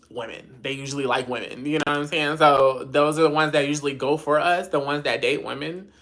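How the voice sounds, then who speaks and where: A woman's voice: sits low, normal speed, few pauses, pushed and bright, a little hiss or hum. A woman hosting a casual livestream, blunt, sassy and profane, reading viewer comments aloud and answering them. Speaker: livestream host.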